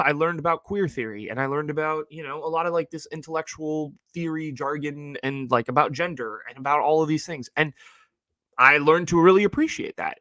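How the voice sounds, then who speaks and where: Young guy ranting about college on his podcast, says like a ton, bright voice, dry close sound. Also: fairly high pitch, no echo. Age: young adult. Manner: animated storytelling, heavy use of "like". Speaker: podcast host. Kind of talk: casual monologue.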